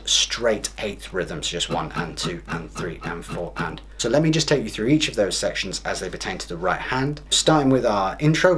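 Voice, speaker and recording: A man explaining strumming in a guitar lesson, steady and methodical, counting beats aloud. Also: on the low side. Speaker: guitar teacher. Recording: guitar music loud behind. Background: guitar playing.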